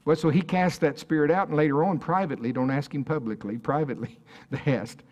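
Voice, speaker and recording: A man's voice: on the high side, brisk, hardly any pauses, darkish tone. A man preaching a sermon at a church service in a conversational way, often asking the congregation questions.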